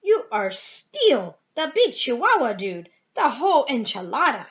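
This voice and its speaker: A woman voicing a mischievous, bouncy kitten boy, exclaiming in a raised voice while reading a picture book aloud. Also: moderate pace. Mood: excited. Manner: high, excited exclaiming. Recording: dull lo-fi home recording.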